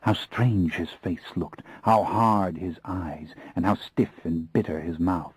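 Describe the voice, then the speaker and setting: A man's voice: low-pitched, slow, slightly rough, dry recording, poor audio. A man narrating an audiobook in the first person, with an intense, brooding reading into a close studio mic.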